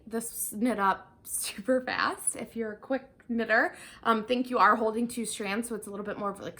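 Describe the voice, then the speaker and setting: A woman's voice: fairly high pitch, a bit bright. A young woman hosting a knitting podcast in a casual, chatty way, full of ums, a bit out of breath. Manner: chatty, bubbly, many ums. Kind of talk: casual video podcast chat.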